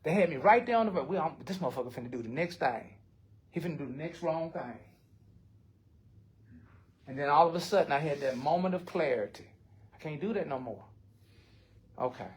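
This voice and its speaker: Blunt, profane older man. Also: on the high side. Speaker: recovery group member. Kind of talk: support circle sharing.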